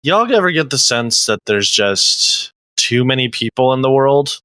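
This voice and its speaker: A man's voice: mid-range voice, animated, unhurried, pushed and bright, clean tone, dry recording. A man co-hosting a podcast over a video call, playful and jokey, often laughing. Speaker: podcast co-host. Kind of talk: casual chat. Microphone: video call mic.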